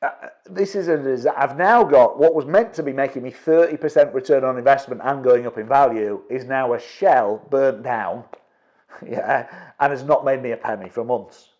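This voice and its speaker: Animated middle-aged man telling a story. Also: medium pitch, muffled recording. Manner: animated storyteller who acts out his own quotes, with quick restarts. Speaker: property investment trainer. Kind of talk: storytelling talk to an audience.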